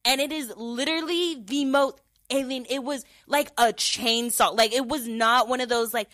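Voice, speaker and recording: A chatty young woman hosts a casual storytelling podcast in a voice on the high side, at a moderate pace. She tells stories animatedly, leaning on fillers and mimicking her own inner voice, and the sound is dry and close with no echo.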